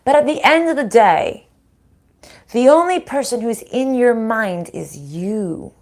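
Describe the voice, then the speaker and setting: A middle-aged woman giving a casual spiritual reading, frank and animated, swearing freely and laughing often. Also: a little high. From Italian-American family. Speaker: spiritual reader and channel host.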